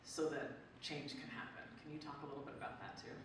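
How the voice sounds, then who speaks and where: A moderator leading a live onstage conversation, speaking in a loose, mid-pitched way full of "like" and restarts. The voice bounces around a large hall, picked up from a distance, with clear background noise underneath. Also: fairly even intonation, fairly bright tone. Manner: conversational, fills pauses with "like" and restarts. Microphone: distant from the microphone. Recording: echoey hall from far off.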